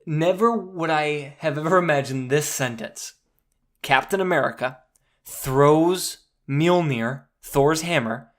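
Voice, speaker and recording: A man hosting a podcast, excitedly recapping a movie in casual chat, swearing and saying "dude" a lot. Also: fairly high pitch, slow. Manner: animated, swears freely, says "dude" often. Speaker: podcast host.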